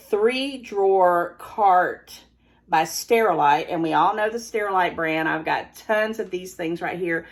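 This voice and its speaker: An older woman, a grandmother, chatting casually on camera at home about her thrift finds, laughing often and stopping to handle the items. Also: lowish voice. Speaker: thrift haul vlogger. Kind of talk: casual haul video chat.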